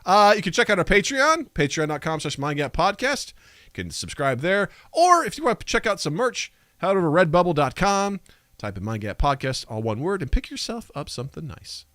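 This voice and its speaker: Animated, goofy man hosting a podcast. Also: fairly high pitch, brisk, no echo, clean studio sound. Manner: goofy, self-mocking, animated. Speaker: podcast host. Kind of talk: casual podcast chat.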